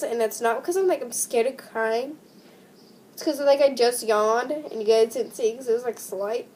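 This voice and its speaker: A young woman reads short creepy stories to her viewers in a relaxed, chatty way. Her voice sits a little high, and she keeps stopping to gasp, laugh and react. The delivery is casual and unpolished. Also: normal speed, slight background noise. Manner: animated, gasping and laughing reactions between readings. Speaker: vlogger reading creepy stories.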